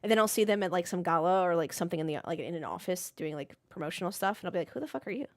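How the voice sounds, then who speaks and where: A woman's voice: on the low side, racing, dry recording, studio quality. A woman with a New England accent, co-hosting a casual motorsport podcast, chatty, laughing often and saying "like" a lot. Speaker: podcast co-host. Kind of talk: casual chat.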